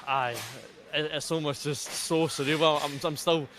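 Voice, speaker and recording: Flat-voiced young Scottish driver. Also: male voice, a little high, a little slow. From Scotland. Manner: flat, repeats words, many restarts. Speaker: racing driver. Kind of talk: post-race interview. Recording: outdoor interview with clear background noise.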